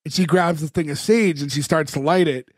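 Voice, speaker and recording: A man with a fairly high voice co-hosts a podcast, walking through the plot in a loose, rambling way. He leans on fillers and slips into the characters' lines as he retells scenes. The mic is close and dry, with no room sound. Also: fairly quick, breathy edge, no room sound. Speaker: podcast co-host. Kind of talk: casual chat recapping a TV episode.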